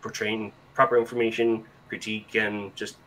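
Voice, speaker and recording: A man talking as a guest on a podcast, chatty and animated, acting out quotes as he goes. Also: on the low side, normal speed, poor audio. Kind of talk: casual podcast chat.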